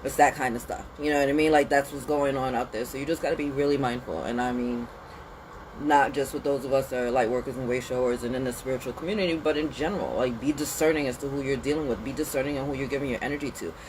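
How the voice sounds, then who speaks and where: A woman hosting a casual spiritual pep talk outdoors in the cold, animated and slangy, sniffly with a runny nose. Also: extremely low pitch, fast, noisy background. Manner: animated, slangy and conversational, with lots of "like" and "you know". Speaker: spiritual reader and channel host.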